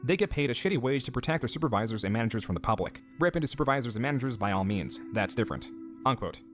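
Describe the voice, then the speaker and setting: Male narrator, fast and animated delivery, scripted storytelling. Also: medium pitch. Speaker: documentary narrator. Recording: narration over music.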